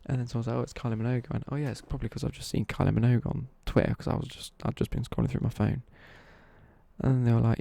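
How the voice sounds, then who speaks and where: Gravelly, dark-voiced young man. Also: mid-range voice, level tone, rapid-fire, no room sound. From East Midlands, England. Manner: rambling, chatty, with swearing and self-corrections. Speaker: live streamer. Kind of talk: casual live-stream chat, answering viewer questions.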